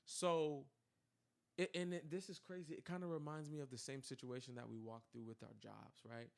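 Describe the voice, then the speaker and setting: A young man telling a personal story in casual chat, animated and full of fillers, acting out quoted dialogue. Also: medium pitch, normal speed, vocal fry. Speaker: podcast co-host telling his story.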